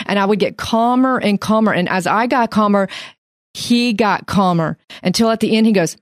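A woman's voice: medium pitch, moderate pace, dry recording. Woman on a faith podcast, earnest, telling stories, dry close sound. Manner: earnest, affirming, storytelling. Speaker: podcast host. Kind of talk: casual Bible discussion.

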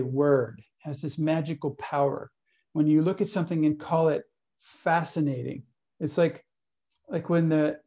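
A man's voice: a little high, warm tone. A man leading a workshop, talking loosely through stories and acting out little inner voices. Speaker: workshop leader. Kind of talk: teaching talk.

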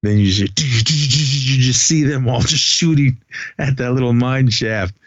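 A man's voice: mid-range voice, measured pace, dry recording. Rambling man with a dull dry sound. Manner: rambling, with frequent fillers and swearing. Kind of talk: casual movie recap chat.

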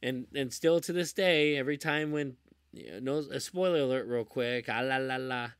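A man's voice: mid-range voice, moderate pace, clear, resonant tone, no echo, studio quality. A man hosting a casual podcast, talking enthusiastically about movies with many restarts. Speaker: podcast host.

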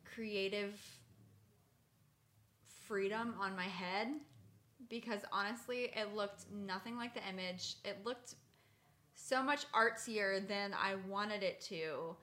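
A young woman co-hosting a podcast, telling stories in a chatty, animated way full of "like". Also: medium pitch, slow pace. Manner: chatty storyteller, lots of "like", animated. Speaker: podcast co-host. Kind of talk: casual chat.

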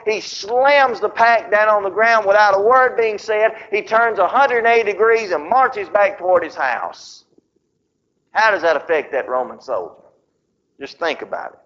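A man preaching a sermon, telling a story with dramatic pauses, on a dull lo-fi recording. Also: sits high, fairly bright tone.

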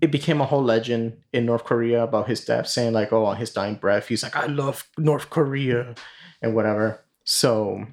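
A man telling a long anecdote on a podcast at a middle pitch. He rambles through constant fillers and drops casual swearing as he goes. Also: flat delivery, brisk, hardly any pauses, a little mellow. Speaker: podcast host. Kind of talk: casual storytelling.

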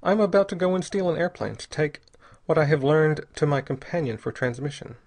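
A man voicing a courteous, composed adventurer in an audiobook, speaking politely and calmly. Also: on the high side, pitched above the performer's own voice. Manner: polite, calm and measured.

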